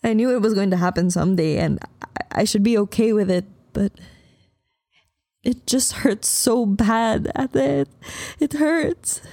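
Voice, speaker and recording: A woman's voice: fairly high pitch, unhurried, creaky, warm tone, dry recording, studio quality, voice pushed up. A woman narrator voicing a heartbroken young woman crying on the phone to her sister. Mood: tearful.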